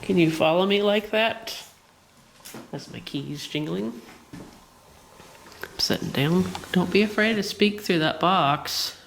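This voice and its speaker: Speaking slowly with vocal fry, frequent pauses, and a mid-range, slightly bright voice, a ghost hunter in an old seminary building coaxes spirits and explains the gadgets arranged for them. The audio carries a roomy echo and faint background hiss.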